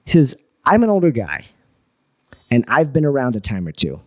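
A man's voice: medium pitch, normal speed. A man, a guest entrepreneur, telling a story in casual talk, swearing and acting out what people said. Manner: animated, swearing, acts out quoted dialogue.

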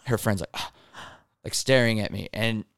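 A young man with a lowish voice and vocal fry talks fairly quickly in a studio-quality recording with no room sound. A restaurant server co-hosting a casual podcast chat, he tells work stories animatedly and acts out customers.

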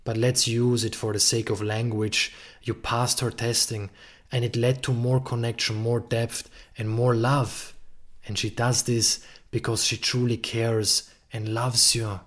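A man's voice: mid-range voice, flat delivery, unhurried, fairly bright tone. A man hosting a podcast, giving an earnest relationship-coaching monologue and swearing freely for emphasis.

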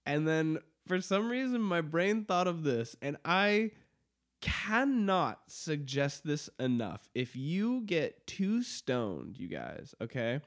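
A man's voice: fairly high pitch, very animated, slow. A man hosting a podcast in casual chat, rambling, swearing freely and often laughing at his own stories. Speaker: podcast host. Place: studio.

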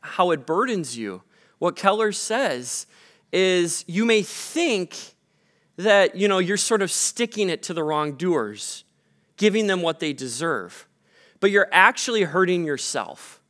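A man's voice: sits high, expressive, measured pace, a bit bright. A man, the pastor, preaching a sermon in a casual, conversational way with frequent fillers, recorded in a church.

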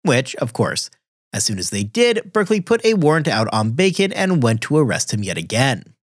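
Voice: medium pitch, very animated, moderate pace, no echo, clean studio sound. A podcast host reading scripted history narration in a wry way, dropping casual asides.

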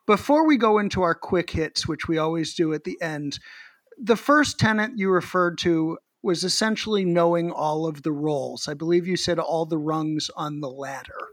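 A man's voice: a little high, normal speed, no room sound. A man hosting a podcast, steering the conversation and asking his guest questions. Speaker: podcast host. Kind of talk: casual interview.

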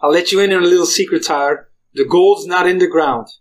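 A man quoting a restless, daring male bush pilot from a film, speaking slowly. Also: sits high, natural voice. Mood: musing.

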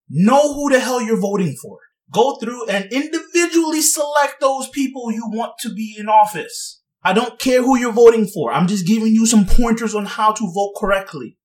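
A man's voice: high-pitched, recorded from a distance. A young man giving sarcastic, rambling casual commentary and laughing at his own jokes. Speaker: vlogger.

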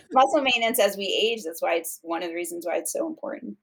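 A woman's voice: medium pitch, very animated, a little fast, gravelly. A woman guest on a podcast, explaining nutrition research in casual chat, with frequent fillers and restarts. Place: podcast studio.

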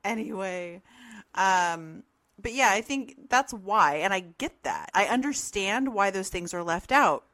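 A woman's voice: mid-range voice, lively intonation, measured pace, fairly bright tone, no room sound. A woman co-hosting a podcast in casual, rambling talk full of fillers and laughs. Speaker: podcast co-host. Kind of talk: casual discussion. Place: room at home with open windows.

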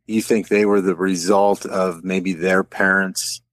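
A man from the American Midwest in a casual discussion, talking in a halting way as he searches for words. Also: deep voice, level tone, a bit bright, no echo.

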